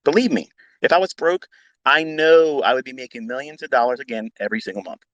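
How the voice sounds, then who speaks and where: A man's voice: mid-range voice, expressive, quick pace, a bit bright, no echo, dull audio. A man teaching trading as a mentor, ranting bluntly with heavy swearing and repetition. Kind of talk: unscripted profane rant.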